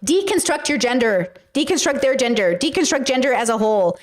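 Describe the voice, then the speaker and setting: Woman streamer, a bit higher voice, candid, swears freely, chats with her viewers. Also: lively intonation, fairly quick. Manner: candid, profane, talks to chat. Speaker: livestream host. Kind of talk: casual livestream talk.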